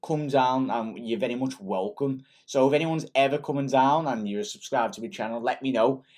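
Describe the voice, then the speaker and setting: Young scouse lad hosting a fan channel, hyped and rambly, lots of ums, regular middle voice. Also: male voice, medium pitch, normal speed. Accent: Liverpool (Scouse). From Liverpool. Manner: excitable and rambling, many ums and restarts. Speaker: football fan channel host. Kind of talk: casual post-match chat reading comments.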